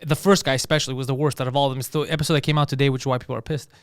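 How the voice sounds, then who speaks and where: A man rattles through a story at high speed, swearing freely and sounding fed up. His voice is crisp and clear, a touch higher than most men, and recorded close and dry with no room sound. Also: racing, dry recording. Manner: animated, profane, exasperated. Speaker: podcast host. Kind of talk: casual comedic storytelling.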